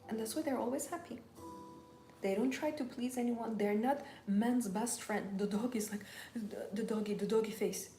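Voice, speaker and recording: A woman's voice: on the high side, normal speed, dark tone. A woman giving a live-stream coaching talk in an intimate way, often dropping to a whisper. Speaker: femininity coach. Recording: roomy with background music.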